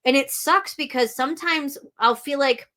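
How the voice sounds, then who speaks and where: This higher-pitched, fairly bright female voice moves at a moderate pace. The speaker, an audiobook narrator appearing as a podcast guest, gives frank interview answers, often restarting her sentences and swearing bluntly.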